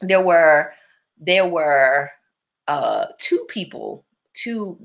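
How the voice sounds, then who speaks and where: A woman's voice: deep voice, very animated, very slow, vocal fry. A woman, talking through her year in a casual monologue, full of playful put-on voices and asides to her listeners.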